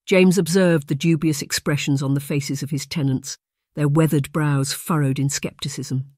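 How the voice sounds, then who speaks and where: An audiobook narrator reading a period romance in a measured, even way. The voice sits at a middling pitch. The recording is dry and close. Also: no room sound. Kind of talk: scripted narration.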